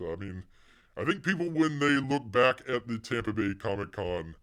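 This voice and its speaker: A man's voice: mid-range voice, animated, normal speed, a bit bright, smooth. A man hosting a casual livestream, rambling and talking about himself in the third person, his voice getting worn. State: losing his voice. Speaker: livestream host.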